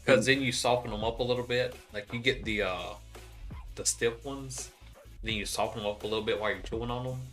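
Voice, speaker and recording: A man chats easily on a late-night stream, relaxed and unhurried at a middle pitch. Faint music plays in the background. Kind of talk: casual late-night chat.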